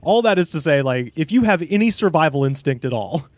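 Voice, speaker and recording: A man hosting a podcast, telling a story in a casual, animated way, laughing often and swearing freely. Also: fairly high pitch, fairly quick, no echo. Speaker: podcast host. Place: outdoors in a park.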